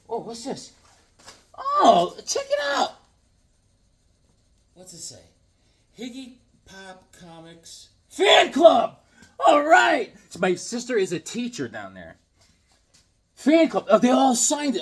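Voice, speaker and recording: A man hosting a casual unboxing vlog, talking in an excitable, goofy, joking way. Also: sits high. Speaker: comics vlogger unboxing a package.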